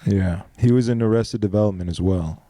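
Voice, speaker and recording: A young man as a podcast guest in crude, casual banter, rambling and animated with many fillers. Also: on the low side, fairly quick, dry recording, clean studio sound.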